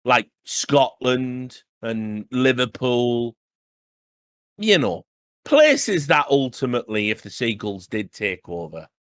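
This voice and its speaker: A man's voice: mid-range voice, big pitch swings, slow pace, dry recording, clean studio sound. A man co-hosting a casual podcast, reading news stories aloud and breaking in with chatty asides. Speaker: podcast co-host.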